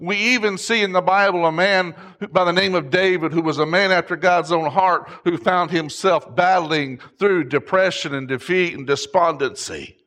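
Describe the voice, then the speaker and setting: A middle-aged man preaching a sermon, impassioned, rising to shouts at its peaks. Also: sits high, normal speed, few pauses. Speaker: pastor.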